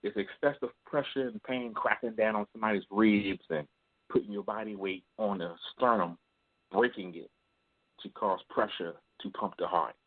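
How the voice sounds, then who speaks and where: A man calling in to tell a personal confession, blunt and profane, acting out what others said. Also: sits low. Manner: blunt, profane storytelling, acts out quoted voices. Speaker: caller. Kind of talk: call-in confession. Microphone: phone. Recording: tinny phone line.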